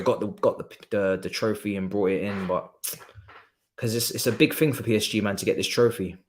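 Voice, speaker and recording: A man hosting a live stream, chatting casually and reacting to football with slang. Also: lowish voice. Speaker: streamer host. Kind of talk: casual live match commentary. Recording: echoey room.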